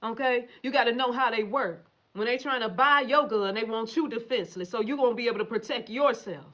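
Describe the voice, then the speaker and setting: Woman, livestream host, slightly high voice, profane, emphatic, phone mic. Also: fairly quick, fairly bright tone. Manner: profane, emphatic, talks straight to viewers. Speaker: livestream host reading viewer comments. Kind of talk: casual livestream rant.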